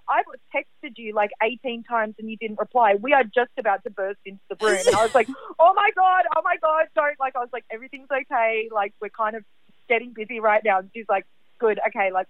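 A woman caller telling a personal story in an animated, chatty way, heavy on fillers. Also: on the high side, dry recording. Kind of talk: casual storytelling. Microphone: phone. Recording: tinny phone line.

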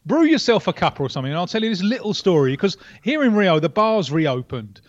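A man reporting down a line as a football correspondent, talking in a wry, animated way with many restarts. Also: high-pitched, fast talker, dry recording, highs cut off. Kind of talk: radio interview.

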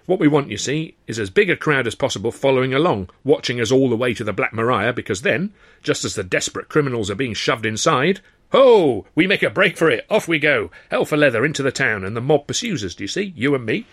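A man's voice: mid-range voice, expressive, fast, fairly bright tone, slightly rough. A man voicing a brash, scheming music-hall lead comic with a boisterous, wheedling showman's manner. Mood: scheming, jovial.

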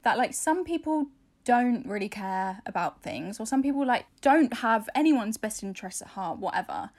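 A woman's voice: medium pitch, darkish tone. A young woman co-hosting a podcast in casual chat, rambling with restarts and laughing often. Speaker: podcast co-host.

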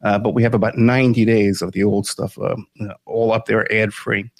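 On a dry recording, a man with a lowish voice talks a little fast in a flat delivery. As a podcast host, he plugs the show and keeps the interview casual, folksy and easygoing, with plenty of fillers.

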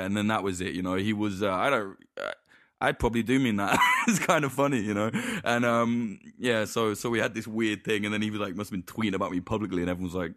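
A man's voice: on the low side, fast talker, fairly bright tone, no room sound, studio quality. A man in casual podcast chat, telling stories in a rambling, profane way full of false starts.

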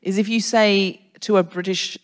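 A woman's voice: mid-range voice, fairly even intonation, normal speed. A woman hosting a live comedy podcast on stage, bantering playfully with her co-host. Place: live stage in a concert hall.

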